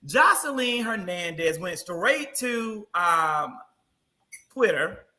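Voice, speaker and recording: A man guest-hosting a casual chat show, animated and teasing in quick banter. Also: high-pitched. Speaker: guest host.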